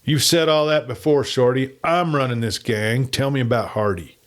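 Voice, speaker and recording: A man voicing a gruff, boastful outlaw gang leader with a rough frontier drawl. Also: mid-range voice, moderate pace, natural voice. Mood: menacing.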